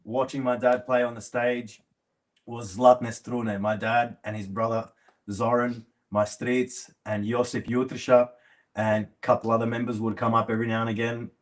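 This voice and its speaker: A musician talking in a casual chat show, calmly remembering his father's band. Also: mid-range voice, normal speed. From Australia.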